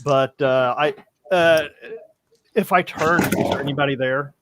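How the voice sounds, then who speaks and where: A man's voice: on the high side, a little slow, noisy background. A man playing in a streamed tabletop game, talking casually and hesitantly, often stammering. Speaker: player.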